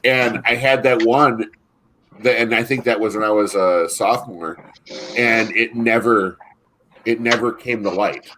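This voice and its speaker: A man's voice: mid-range voice, steady tone, a little slow, sharp tone, a little hiss or hum. A man co-hosting a casual chat, telling stories in a rambling way, with frequent restarts and laughs. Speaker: podcast co-host.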